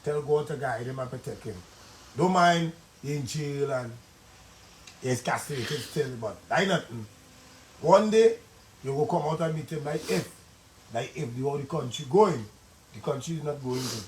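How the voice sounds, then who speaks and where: A man's voice: medium pitch, animated, moderate pace, a little hiss or hum. Earnest Trinidadian man, roomy live-stream sound. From Trinidad and Tobago. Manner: earnest, pleading, rambling in dialect. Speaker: guest telling his life story. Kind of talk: emotional live-stream testimony.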